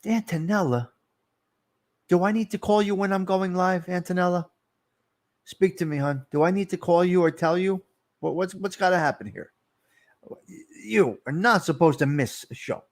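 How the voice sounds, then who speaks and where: A man's voice: fairly high pitch, gravelly. A middle-aged man, rambling and teasing viewers by name as he hosts a casual live stream. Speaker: livestream host.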